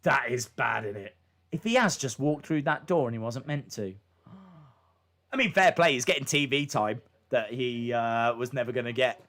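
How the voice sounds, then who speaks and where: A man hosts a live stream at a moderate pace, offering casual reaction commentary. He keeps jumping into excited, high-pitched exclamations and rhetorical questions.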